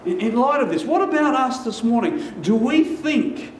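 A male pastor delivers an emphatic sermon, often slowing down and repeating phrases to drive them home. His voice sits high for a man. It rings through a roomy hall, caught by a mic set some distance away, with a faint hiss underneath. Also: animated.

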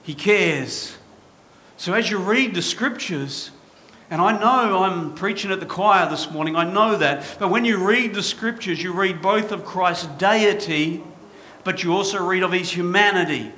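Bright-voiced pastor preaching with passion. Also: male voice, high voice, unhurried. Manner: impassioned, rhetorical questions to the congregation. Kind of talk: sermon.

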